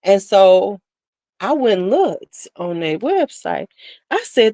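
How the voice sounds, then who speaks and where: A woman's voice: a little high, very animated, takes it slowly, a little mellow, no room sound. Chatty sassy woman host. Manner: chatty, candid, sassy, laughs often. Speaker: beauty channel host. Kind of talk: casual livestream chat.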